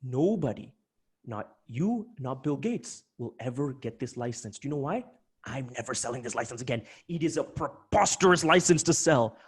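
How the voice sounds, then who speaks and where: A man hosting a live webinar, talking in an animated, emphatic way with many quick restarts. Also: mid-range voice, husky. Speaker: webinar host.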